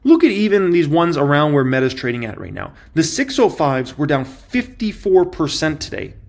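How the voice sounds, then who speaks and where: Male host, fairly high voice, lots of swing in pitch, punchy and repetitive, casual commentary. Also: normal speed, creaky. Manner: emphatic, repetitive, excitable. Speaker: stock market commentator. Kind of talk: casual market commentary to camera.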